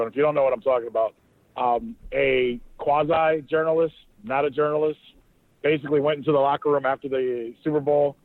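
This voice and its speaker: Man, podcast co-host, animated storytelling, salty language, fairly high voice, dry phone-quality audio. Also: dry recording. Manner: animated, swears freely, acts out quotes. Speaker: podcast co-host, sports reporter. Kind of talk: casual storytelling chat.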